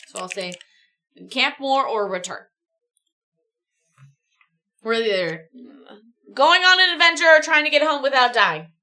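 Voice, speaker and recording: Bright, giggly woman reading on stream. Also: sits high. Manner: chatty, giggly asides. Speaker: livestream reader. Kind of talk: reading a choose-your-own-adventure book on stream.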